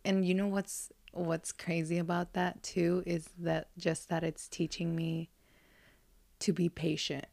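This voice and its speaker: A woman's voice: fairly low pitch, little pitch movement, measured pace, creaky, darkish tone. Upbeat, giggly woman podcast co-host. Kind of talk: casual chat.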